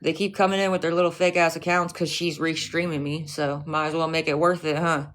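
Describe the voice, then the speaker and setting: A woman's voice: low-pitched, level tone, a little fast. A woman livestreaming, ranting at a rival and her chat in a profane, confrontational way, with mocking, scornful asides.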